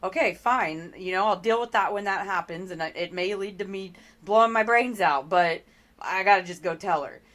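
A woman's voice: mid-range voice, moderate pace, fairly bright tone. A middle-aged woman speaking as an interview guest, telling her story earnestly with frequent ums and restarts.

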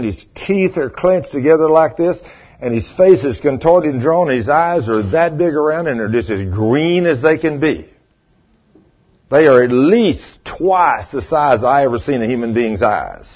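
A man's voice: medium pitch, animated, unhurried, husky. An older man preaching a sermon, telling a folksy story and acting out what people said. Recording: dull lo-fi sermon recording.

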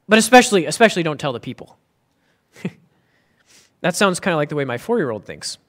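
Male pastor delivering a sermon: high-pitched, earnest, emphatic. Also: very animated, fairly quick, pauses often, fairly bright tone. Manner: earnest and emphatic, with frequent restarts.

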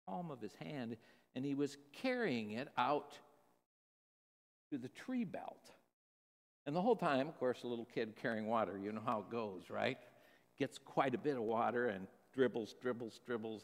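A man preaching a sermon as pastor, telling stories and swinging from hushed lines to emphatic ones. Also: mid-range voice, long reverb tail. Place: church sanctuary.

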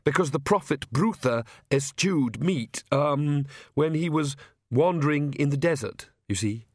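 Man putting on a jittery young priest, stammering, hesitant, higher voice, slow dragging words. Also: expressive, no echo, clean studio sound. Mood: earnest. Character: nervous fretful young male priest.

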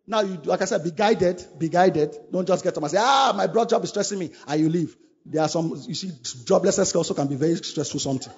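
A man's voice: sits high, vocal fry. A man preaching a sermon, urging his listeners with fervent, repetitive lines. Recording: dull lo-fi recording.

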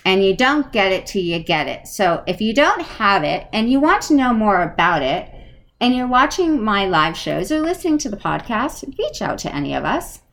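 Animated, effusive woman hosting a podcast. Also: medium pitch, moderate pace. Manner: warm, effusive, animated with laughs. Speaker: podcast host. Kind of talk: casual interview chat.

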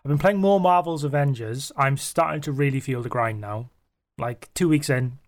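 A man's voice: mid-range voice, normal speed. A man co-hosting a podcast in casual chat, joking, laughing often and trailing off into fillers. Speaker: podcast co-host.

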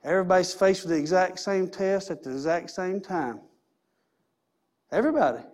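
A man's voice: high-pitched, expressive, normal speed, a little mellow. A man preaching a sermon in a church, emphatic and repetitive, with many rhetorical questions. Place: church sanctuary.

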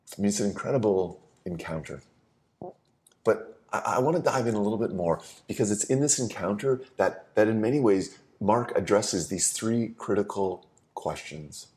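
A man preaching a conversational sermon, often repeating words as he starts a phrase and dropping to a soft, low voice on key lines.

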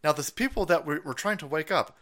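A man's voice: a little high, animated, a little fast, fairly bright tone. A man hosting a livestream, ranting in a profane, sarcastic, mocking manner. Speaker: streamer host.

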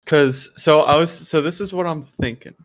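A man's voice: a little high, moderate pace. A young man co-hosting a podcast, talking about his travel plans in a laid-back way and dodging questions. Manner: laid-back, hedging answers. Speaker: podcast co-host. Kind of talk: casual chat among friends.

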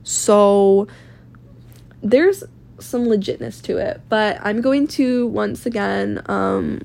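A woman's voice: medium pitch, steady tone, slow pace, creaky, a little mellow. A woman in her twenties from Maine, venting candidly in a blunt, profane, rambling personal vlog. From Maine, USA. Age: 20s. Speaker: vlogger. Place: rented room at home.

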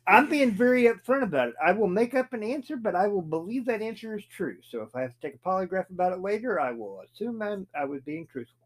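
A man co-hosting a casual podcast, teasing dryly in a deadpan way. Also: high voice, quick pace, few pauses. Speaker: co-host. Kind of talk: casual chat.

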